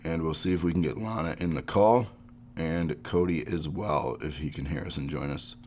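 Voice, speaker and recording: A man's voice: extremely low pitch, normal speed, darkish tone, a little hiss or hum. A man hosting a live-streamed podcast while sick, reading gaming history notes and chatting casually. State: sick, under the weather. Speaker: podcast host.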